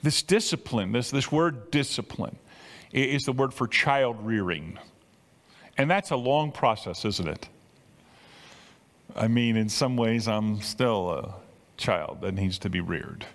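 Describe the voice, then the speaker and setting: A man's voice: fairly low pitch, lively intonation, unhurried, long reverb tail. An older man preaching a sermon in a conversational way, often repeating words and building to emphatic peaks. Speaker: pastor.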